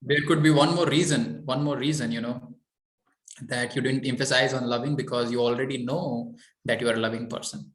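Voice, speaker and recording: A man's voice: mid-range voice, fairly even intonation, a little fast, echoey room. A man coaching a client on mindset, talking in a repetitive, encouraging way with many "okay"s. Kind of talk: coaching session.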